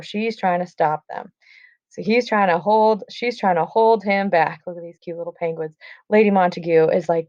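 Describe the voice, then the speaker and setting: Woman teacher with a slightly low voice, chatty and casual, reading aloud and explaining, dull dry recording. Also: normal speed, darkish tone, no echo. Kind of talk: classroom lesson, reading and paraphrasing a play.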